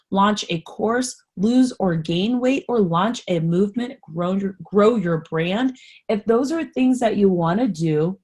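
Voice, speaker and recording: A woman hosting a solo podcast in a candid, chatty way, sarcastic about herself and passionately encouraging. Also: medium pitch. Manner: animated, encouraging, gets passionate. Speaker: podcast host. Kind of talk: casual solo podcast talk.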